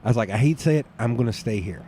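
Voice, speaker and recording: A man's voice: medium pitch, lively intonation, racing, mellow. A man with a Southern US accent, a podcast guest rambling through stories in casual chat and laughing often.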